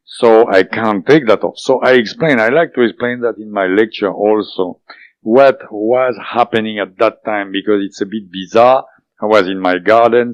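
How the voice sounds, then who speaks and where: A man whose first language is French, telling his story as an interview guest, halting and full of fillers and restarts. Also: fairly low pitch, no echo. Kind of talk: recounting a personal experience in an interview. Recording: dull lo-fi dry recording.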